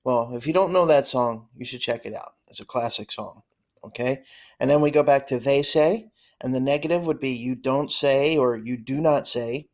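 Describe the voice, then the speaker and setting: A man's voice: medium pitch, darkish tone. Man, English teacher, patient grammar explanations, keeps checking in with listeners. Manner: explains slowly, often checks with "okay?" and "right?". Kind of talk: online grammar lesson.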